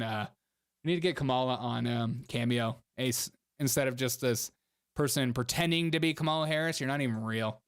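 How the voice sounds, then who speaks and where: A man hosting a live stream, chatting casually in a sarcastic, mocking way and laughing often as he reads out his viewers' messages. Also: mid-range voice. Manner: reads viewer chat aloud.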